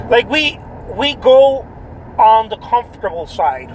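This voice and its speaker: A man's voice: extremely high pitch, lively intonation, unhurried, slight background noise, poor audio. A man, an artist, chatting casually about art, rambling, repeating himself and tagging lines with "right?". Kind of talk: casual vlog talk.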